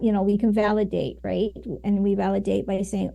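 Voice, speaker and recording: A woman, a communication coach, is the guest in a conversational interview, explaining ideas with frequent fillers and tag questions. Her mid-range voice is gravelly and dark, with a level tone, a moderate pace and few pauses.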